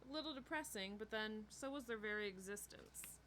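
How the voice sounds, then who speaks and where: A woman reading a novel chapter aloud in a steady storytelling way. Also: medium pitch, a little fast, a little hiss or hum. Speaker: book reader.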